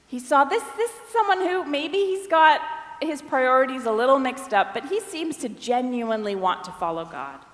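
A woman's voice: sits high, animated, normal speed, echoey room, long reverb tail. A woman giving a conversational sermon, briefly acting out the voices of the people in the story. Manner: conversational, acts out quoted voices. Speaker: preacher.

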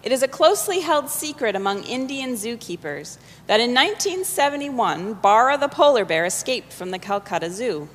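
A fiery sixteen-year-old boy, as a woman acts him out, mocking and impassioned in a storybook reading. His voice sits high and climbs higher when he scoffs. A long reverb hangs after each line, as in a big hall. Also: big pitch swings, normal speed, hardly any pauses. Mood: indignant.

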